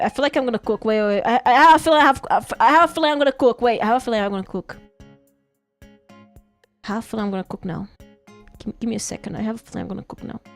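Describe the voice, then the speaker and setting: High-pitched giggly woman streamer. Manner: giggly, playful, talks to herself and repeats phrases. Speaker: live streamer. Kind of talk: casual live-stream chat while drawing.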